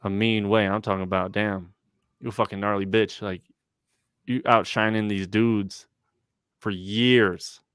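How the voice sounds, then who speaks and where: A man's voice: on the low side, steady tone, unhurried, pauses often, fairly bright tone, clear, resonant tone, no room sound, studio quality. Laid-back young man, slangy storyteller. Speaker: rapper and guest. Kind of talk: casual chat on a livestream podcast.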